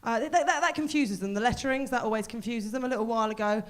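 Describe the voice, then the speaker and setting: A woman from Portsmouth, performing a self-deprecating stand-up set at a live comedy venue. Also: a little high. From Portsmouth, England. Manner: quick self-deprecating storytelling.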